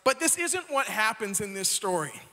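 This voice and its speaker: A man's voice: high-pitched, very animated, normal speed, bright, forceful tone. A young man preaching a casual, joking sermon who keeps checking in with "right?" asides. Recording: long hall reverb.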